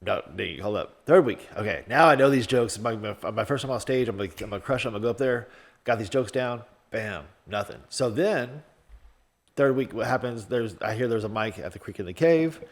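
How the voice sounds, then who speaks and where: A man's voice: lowish voice, animated, gravelly. A man who is the guest host of a comedy podcast, telling a story in casual chat, with frequent restarts. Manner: rapid storytelling with repeated restarts.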